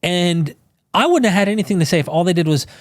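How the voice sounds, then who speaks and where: Man, podcast guest, impassioned storytelling, slightly high voice, dry close sound. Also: expressive, fast, no room sound. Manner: fervent, emphatic, acts out quoted people.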